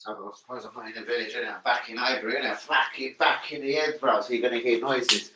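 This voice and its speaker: Excitable, swearing lad streaming. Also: male voice, medium pitch, a little fast, slight background noise, rough recording. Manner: excitable, swears a lot, shouts bursts of football reactions. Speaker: football fan live streamer. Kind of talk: casual live stream chat.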